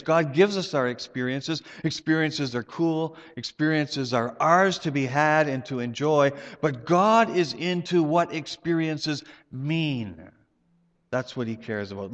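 A man preaching a sermon in church, telling stories with playful asides and an animated delivery. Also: medium pitch. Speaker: pastor. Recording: long hall reverb.

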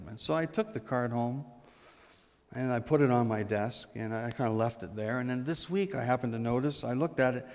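A man pastor giving a humorous, storytelling sermon, dropping to a hush for emphasis. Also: medium pitch, long reverb tail.

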